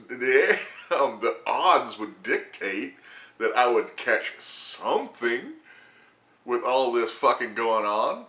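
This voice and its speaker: A man's voice: mid-range voice, pushed and bright, echoey room. A man in his sixties ranting casually to camera, rambling and crude, laughing often as he talks. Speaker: vlogger.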